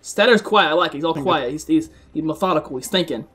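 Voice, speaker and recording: Excitable, swearing gaming commentator, man. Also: a little high, fast talker, husky. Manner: excitable, swears a lot, chats to viewers. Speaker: gaming video host. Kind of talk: live gameplay commentary.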